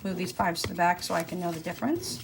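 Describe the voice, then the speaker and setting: A woman's voice: lowish voice, big pitch swings, quick pace, slight background noise. A woman, chatting casually and folksily to her viewers while stuffing cash envelopes. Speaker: budgeting vlogger. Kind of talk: casual chat to camera.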